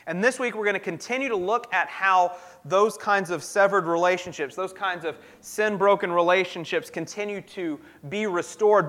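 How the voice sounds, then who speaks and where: A man's voice: sits high, bright, forceful tone. A pastor giving a sermon in an earnest, conversational way, often restarting his sentences.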